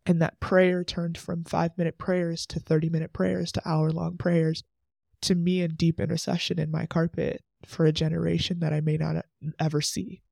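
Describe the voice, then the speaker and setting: A man's voice: on the high side, level tone, moderate pace, creaky, a little mellow, no room sound, studio quality. A man in his twenties hosting a faith podcast, talking earnestly and emotionally in a chatty way, full of "like" asides. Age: 20s. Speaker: podcast host.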